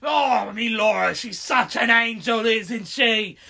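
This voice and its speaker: A woman putting on the voice of a cheery British male convict, loud and exaggerated, with a put-on British accent during a casual chat. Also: a little high, slow pace, gravelly, pitched below the performer's own voice, full character voice. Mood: jovial.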